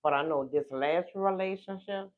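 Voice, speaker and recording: A speaker with a New Orleans accent shares a heartfelt personal story with viewers. The delivery is emotional and drawn-out, and it often turns straight to the audience. The voice comes through a thin, phone-like livestream mic at a middle pitch. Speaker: livestream host. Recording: tinny phone-like livestream audio.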